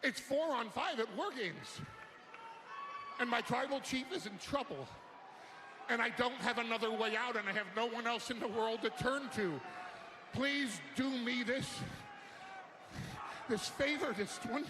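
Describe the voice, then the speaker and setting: Male promo speaker, theatrical and pleading, very high voice, echoey broadcast. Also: measured pace, pauses often. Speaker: wrestling show speaker. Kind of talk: impassioned arena promo speech. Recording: roomy arena broadcast audio.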